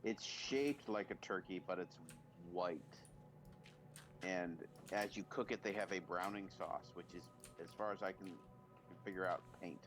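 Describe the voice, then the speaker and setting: A man's voice: low-pitched, unhurried, music in the background. A man in casual gameplay chat with friends, speaking with dry, matter-of-fact humor. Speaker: game streamer.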